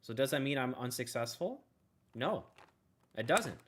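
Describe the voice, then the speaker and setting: A man's voice: mid-range voice, very animated, measured pace, slight background noise. A man giving a casual motivational talk as a self-help video host, rambling and checking in with "right?" after nearly every point, with a laid-back manner and now and then a "bro" or a curse. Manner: rambling, keeps asking "right?".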